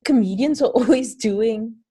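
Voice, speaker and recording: A woman's voice: on the high side, a little slow, warm tone, husky. A South African woman hosting a podcast in a casual, easygoing chat, laughing often. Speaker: podcast host.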